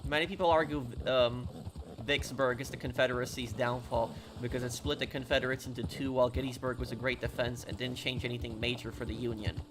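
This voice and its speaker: Halting man streamer over noisy game audio. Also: medium pitch, little pitch movement. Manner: halting, many fillers and restarts, answers chat questions. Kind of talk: casual live-stream chat.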